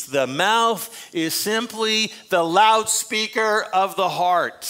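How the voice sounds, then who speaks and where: Bright-voiced older male pastor preaching. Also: high-pitched, drawn-out words. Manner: emphatic preaching, dropping to quiet asides. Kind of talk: sermon. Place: church sanctuary.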